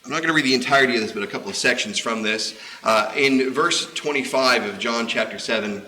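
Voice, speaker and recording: A man's voice: mid-range voice, fast, few pauses, bright, forceful tone, slight background noise. A man preaching a sermon, explaining scripture in a conversational way with casual asides. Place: church auditorium. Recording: echoey church room.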